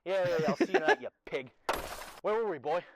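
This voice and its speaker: A man voicing a creepy, unhinged skater who lives behind a dumpster, switching between wheedling and shouted threats, in a comedy sketch. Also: sits high, lively intonation, quick pace, background noise. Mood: menacing. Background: background music.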